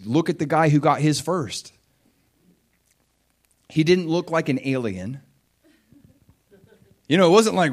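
A middle-aged man preaching a sermon, retelling scripture with lively, animated storytelling and acted-out voices. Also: fairly high pitch, moderate pace. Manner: animated storytelling, acts out voices of biblical figures. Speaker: pastor.

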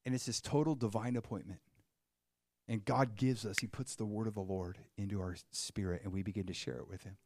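A man preaching a sermon, telling a story with animated swings between hushed and excited delivery. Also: on the low side, fairly quick.

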